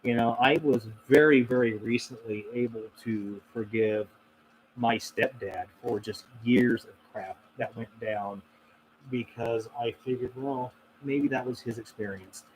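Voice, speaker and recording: A man's voice: mid-range voice, steady tone, a little slow, a little hiss or hum, poor audio. A man hosting a casual question-and-answer stream, talking in a reflective, rambling way with many fillers and restarts. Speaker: host answering viewer questions. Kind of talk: casual livestream Q&A.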